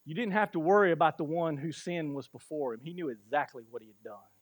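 A man preaching a sermon as pastor, speaking slowly and emphatically and chuckling as he tells stories. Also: fairly high pitch, lively intonation, no echo. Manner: slow, emphatic storytelling with chuckles.

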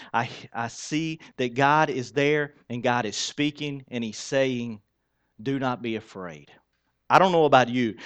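High-voiced man preaching a sermon. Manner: conversational, asks the congregation rhetorical questions; switches between soft and loud for emphasis. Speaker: pastor.

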